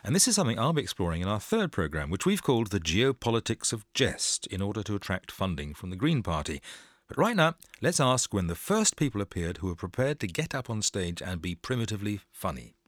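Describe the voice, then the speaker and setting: A man's voice: lowish voice, very animated, a little fast, no room sound. A man presenting a scripted radio programme with dry, wry humour.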